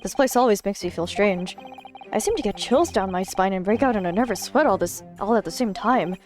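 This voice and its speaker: A woman voicing an earnest, nervous young male defense lawyer in a low-key, uneasy way. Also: animated, fairly quick, darkish tone, faint music behind, close to an everyday voice.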